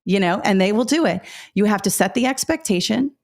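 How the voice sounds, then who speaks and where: Woman educator, mid-pitched voice, animated storyteller who acts out her classroom lines, webinar advice to new teachers. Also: a little fast. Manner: lively storytelling, acting out what she says to students.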